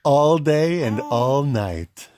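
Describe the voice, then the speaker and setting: Dad reading to his baby at home: unhurried, sing-song baby talk, swooping pitch, with animal noises. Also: lively intonation, noisy background. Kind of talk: playful reading aloud to a baby.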